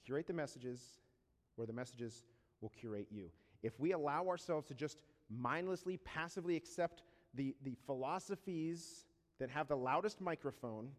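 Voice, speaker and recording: A pastor with a somewhat high voice delivers a sermon, his words echoing through the long reverb of a large hall. He stays conversational and tosses rhetorical questions to the congregation, slowing down to read scripture aloud deliberately.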